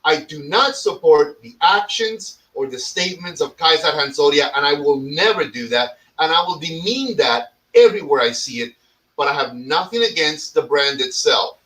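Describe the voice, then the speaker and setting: A man talks casually on a podcast, animated and mock-dramatic, cursing freely. His voice is bright and a bit high. He sits somewhat back from the microphone. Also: normal speed, distant mic, poor audio. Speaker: podcast host. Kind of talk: casual profane chat.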